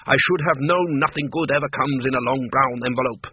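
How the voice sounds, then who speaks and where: A man's voice: medium pitch, a little fast, breathy edge, dry recording, natural voice. A man reading aloud and voicing a fretful, whining vampire count in a tinny, phone-like recording. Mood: whiny. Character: nervous, whiny male vampire count. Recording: tinny phone-like dry audio.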